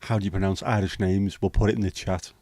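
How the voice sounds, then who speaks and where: A man's voice: sits low, flat delivery, fast, a little mellow, dry recording. A man from England hosting a livestream, reading out the chat with blunt, sweary banter. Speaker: livestream host. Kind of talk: casual live chat reading the chat.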